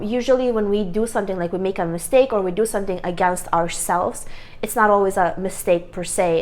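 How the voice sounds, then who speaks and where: A woman with a worn, strained voice giving an earnest self-help talk to camera, stressing her points by repeating them. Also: mid-range voice. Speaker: vlogger.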